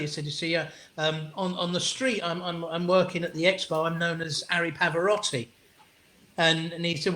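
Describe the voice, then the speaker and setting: A middle-aged English man, a comedian guest, telling anecdotes in an animated, casual way with frequent restarts and the odd swear word. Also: on the high side, fast talker. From England. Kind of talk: anecdotal storytelling in an interview. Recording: roomy echo.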